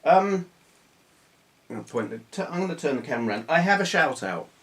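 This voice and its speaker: A man's voice: a little high, big pitch swings, fast talker, fairly bright tone. Rambling man chatting to camera. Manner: rambling, full of restarts and self-deprecating asides. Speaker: retro gaming YouTuber. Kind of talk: casual chat to camera. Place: small hot room under bright video lights.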